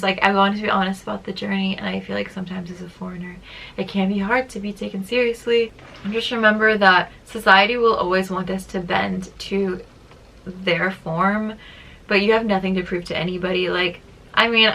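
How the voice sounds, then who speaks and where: A woman's voice: medium pitch, creaky, bright, forceful tone. A young woman talking casually in a vlog, chatty and filling her sentences with "like," sometimes laughing as she talks. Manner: chatty, many "like" fillers, laughs while talking. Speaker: vlogger.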